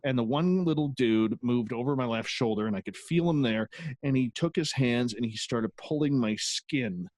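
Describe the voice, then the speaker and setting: A man's voice: medium pitch, normal speed, darkish tone, dry recording. A man, a guest who hosts his own radio show, telling a personal story in a casual, candid interview with occasional swearing.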